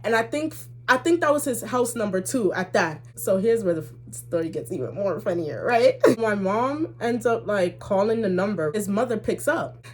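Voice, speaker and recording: A woman's voice: mid-range voice, lively intonation, moderate pace, husky. A young woman vlogger telling a personal story in a casual, slangy way, laughing and acting out the dialogue.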